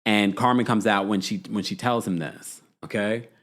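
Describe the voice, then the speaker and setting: A man hosting a podcast, casually recapping a reality show in an animated, gossipy way and laughing often. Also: lowish voice, moderate pace. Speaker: podcast host.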